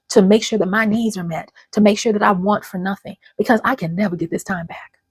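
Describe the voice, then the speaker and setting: Her medium-pitched voice is husky, recorded with no room sound, as this fifties-aged channel host gives viewers an earnest motivational talk to camera. It's personal and emotional, and she nearly cries at times.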